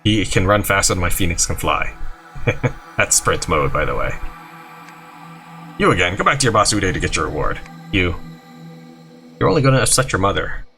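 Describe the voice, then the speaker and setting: A gaming YouTuber plays a video game and reads its dialogue aloud, animatedly hopping between character voices and asides. His low, creaky voice moves at a moderate pace with frequent pauses. Faint music plays in the background.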